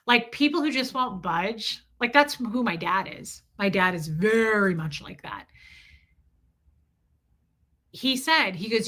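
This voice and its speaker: A woman's voice: mid-range voice, lively intonation, slow pace, pauses often, bright, forceful tone. A woman hosting a livestream, telling a personal story with emphasis and greeting her chat along the way. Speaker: livestream host.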